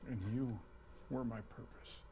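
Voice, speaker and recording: An actor playing a gruff aging male survivalist, speaking low and quiet in a drama. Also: fairly even intonation, a little slow, background noise, lightly acted. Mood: tender. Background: soft score.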